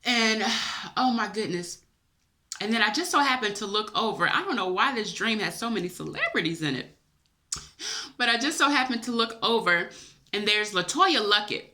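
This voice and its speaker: A woman's voice: mid-range voice, sing-song, fairly quick, pushed and bright. A woman vlogger, emotional and chatty, tells viewers a personal dream story, teary-eyed and calling them y'all.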